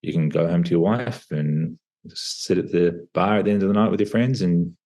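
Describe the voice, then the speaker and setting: A man's voice: sits low, normal speed, darkish tone. A man voicing an eager, persuasive American businessman in a told story. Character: eager male American businessman, pushy salesman.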